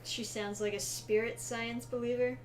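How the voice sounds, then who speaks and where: A woman's voice: on the high side, level tone, moderate pace, a little hiss or hum. A woman making dry, brief remarks while chatting over a game. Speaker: co-host. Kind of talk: casual chat over gameplay. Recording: distant mic under loud music.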